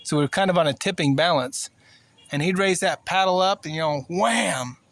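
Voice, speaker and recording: Rambling older man, slightly high voice. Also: moderate pace, fairly bright tone, no room sound. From Cuba. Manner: rambling, plainspoken, many fillers. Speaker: vlogger. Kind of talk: personal storytelling.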